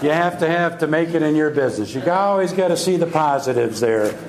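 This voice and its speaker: A man's voice: a little high, lively intonation, brisk, a crowd in the background. An older man, a sales trainer, telling funny stories to an audience and acting out the characters' voices. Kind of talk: humorous storytelling talk to an audience. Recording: echoey room with faint noise.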